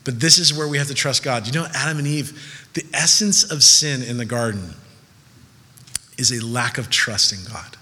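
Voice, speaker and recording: Young male pastor from Southern California, bright voice, long hall reverb. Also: mid-range voice, moderate pace. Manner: conversational, animated storytelling with laughs. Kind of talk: sermon.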